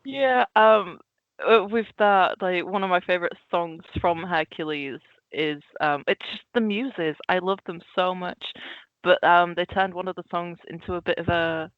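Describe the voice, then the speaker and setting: A man with a Dutch accent co-hosting a casual film podcast, animated and giggly as he talks. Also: high voice, measured pace, clean tone, dry recording, muffled recording. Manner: animated and giggly, acts out quotes. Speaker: podcast co-host.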